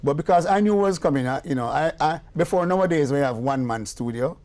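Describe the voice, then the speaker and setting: Older man, Jamaican accent, fairly high voice, lively storyteller, acts out quoted voices. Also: fast. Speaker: guest musician and producer. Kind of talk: casual storytelling interview.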